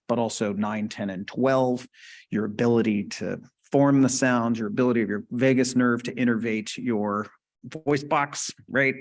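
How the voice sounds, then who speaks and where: Speaking live to a medical conference audience in a conference hall, a man with a medium-pitched voice keeps his explanations of terminology casual. Now and then he pauses to check in with the listeners.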